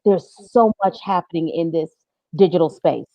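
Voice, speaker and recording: Talk-show guest, female, lively storyteller who acts out her quotes, dry and a bit dull on the mic. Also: lowish voice, normal speed, dry recording. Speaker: social media advisor, guest. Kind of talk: casual chat, storytelling.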